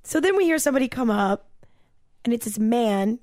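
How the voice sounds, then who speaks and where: A young woman with a slightly high voice tells a rambling story in an animated, breezy way, tossing in filler words and swearing. The sound is dry and close, with no room around her. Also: moderate pace, no echo. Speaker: podcast co-host telling a story. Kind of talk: casual storytelling chat.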